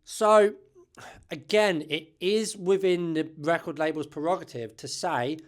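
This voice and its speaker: A man's voice: fairly high pitch, unhurried. Chatty man, opinionated commentary. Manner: chatty, opinionated, says "right?" often. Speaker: music channel host. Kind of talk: casual commentary to camera.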